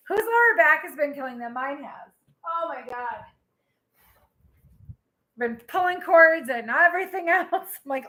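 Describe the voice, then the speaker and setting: A woman hosting a live tarot reading, chatting in an animated way and answering her viewers' comments. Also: high voice, normal speed. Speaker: tarot reader and healer.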